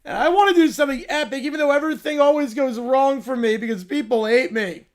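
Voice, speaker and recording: A man's voice: very high-pitched, fast, voice pushed up. A man voicing a spoiled, bratty child who thinks he is royalty, whining and petulant. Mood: whiny. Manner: whiny, petulant.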